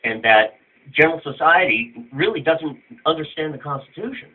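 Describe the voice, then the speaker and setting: A man's voice: fairly high pitch, animated, normal speed, very noisy. A man interviewing a guest, asking rambling, searching questions in a casual chat. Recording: tinny phone-like line.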